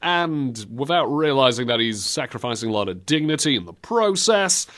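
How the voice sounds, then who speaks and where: A man hosting comedic video game commentary, animated, giggly and mocking. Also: medium pitch, moderate pace. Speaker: host.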